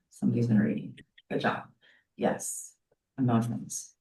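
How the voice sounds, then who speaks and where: A middle-aged psychology instructor speaks in a very deep, slightly mellow voice at a normal speed. She teaches her class in a casual, chatty, storytelling style and keeps checking in with the students. The recording comes from a distance in an echoey classroom.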